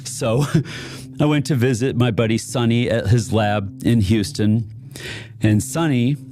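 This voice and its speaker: Animated low-voiced man telling stories. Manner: animated, laughs often between phrases. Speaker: inventor and venture capitalist guest. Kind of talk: casual storytelling interview.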